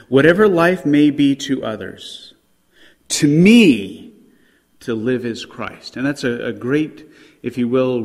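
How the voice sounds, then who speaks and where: A man preaching a sermon with emphasis, his voice rising on quoted scripture, with fillers and restarts between points. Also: mid-range voice. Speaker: pastor. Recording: long hall reverb.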